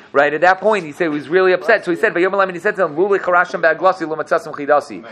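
A man teaching a lively Torah class, acting out quotes and asking "right?" often. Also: a little high, rapid-fire, hardly any pauses. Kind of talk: animated classroom Torah lesson.

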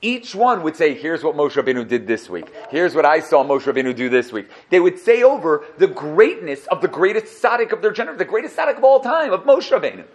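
A man giving a casual Torah class, animated and joking, who acts out little dialogues as he explains. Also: on the high side, fast talker, hardly any pauses. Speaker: Torah teacher.

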